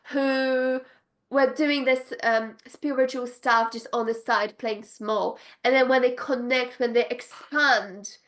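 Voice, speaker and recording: A woman business coach speaking straight to her viewers, gushing and emphatic, repeating her phrases to drive them home. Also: on the high side. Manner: bursts of excited laughter. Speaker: business coach for spiritual entrepreneurs. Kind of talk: direct-to-camera pitch.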